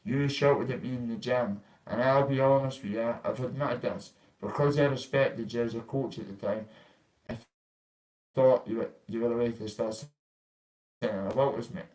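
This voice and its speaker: Vlogger, young man, blunt and confrontational, swears freely, mid pitch. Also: fairly even intonation, normal speed, darkish tone, poor audio. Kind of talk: casual ranting vlog.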